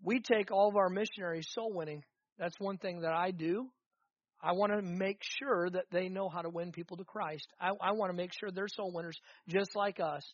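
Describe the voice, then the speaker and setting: A man preaches to his church in a high voice that climbs as he presses each point, repeating lines for emphasis. The sound is dull and muffled, with a dry, close feel. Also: steady tone, moderate pace, dry recording. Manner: preaching with rising fervor, repetitive emphatic phrases. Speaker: pastor. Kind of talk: sermon.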